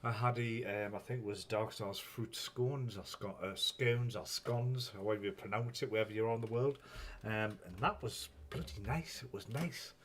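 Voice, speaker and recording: A man hosts a loose, casual chat on his own live stream, speaking at a moderate pace with few pauses in a lowish, husky voice. He rambles, swears freely and chuckles often as he greets viewers.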